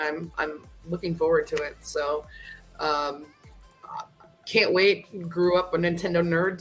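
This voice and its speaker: A woman on a livestream panel greeting viewers in a relaxed, friendly way with some hesitation. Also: lowish voice, husky, rough recording. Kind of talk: casual panel chat.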